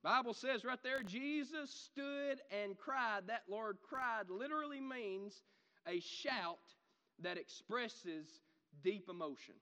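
A man preaching a sermon, animated, swinging from loud shouts to quiet asides. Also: extremely high pitch, slow pace, long reverb tail.

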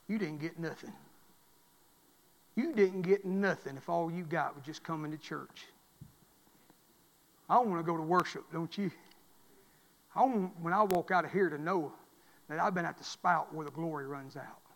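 High-voiced preaching man in reverberant church. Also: moderate pace, pauses often. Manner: repetitive, building to loud shouted climaxes. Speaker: pastor. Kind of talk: sermon. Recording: long reverb of a church hall.

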